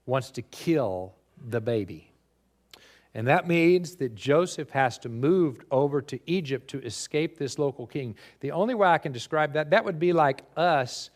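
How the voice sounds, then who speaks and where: A man preaching a sermon as pastor, animated and rising loud on key points, recorded for a live stream. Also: mid-range voice.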